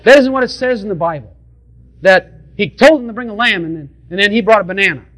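A man's voice: sits high, expressive, fast, fairly bright tone. A male preacher delivering an emphatic sermon and speaking directly to his congregation, often repeating his points.

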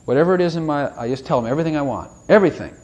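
A man preaching in a conversational, folksy way, rambling and asking his listeners rhetorical questions, with loud bursts and soft asides. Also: a little high, very fast. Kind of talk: conversational sermon.

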